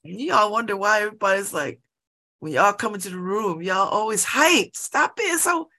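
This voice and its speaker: A middle-aged woman chatting casually at home by an open window, laughing often and breaking into animated asides. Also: mid-range voice, unhurried. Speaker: vlogger. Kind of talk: casual monologue.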